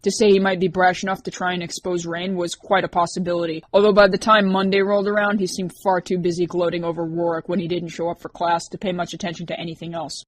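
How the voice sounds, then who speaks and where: A woman narrating an audiobook in a steady, even reading voice. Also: fairly low pitch, fast talker, hardly any pauses.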